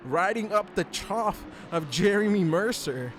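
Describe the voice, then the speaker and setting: A man giving live sim racing commentary, excitable and joking, laughing often. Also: high voice, unhurried, a little hiss or hum.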